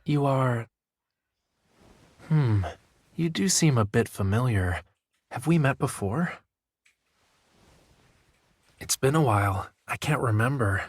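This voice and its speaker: A mid-pitched male voice plays an aloof, playful charmer in a romance game. He takes his time, teasing coyly, in a dry, close recording. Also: lively intonation, no echo. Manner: slow, coy, teasing.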